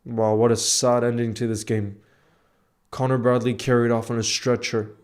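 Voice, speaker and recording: Agitated young-sounding football fan streamer. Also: male voice, medium pitch, level tone, moderate pace. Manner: emotional, swings between outrage and glum reflection, says "bro" a lot. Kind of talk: live match watchalong commentary.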